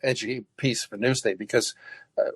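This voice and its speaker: A man speaking earnestly in a conversational interview, often halting with fillers and restarts. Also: medium pitch, steady tone, husky, no echo. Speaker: guest activist.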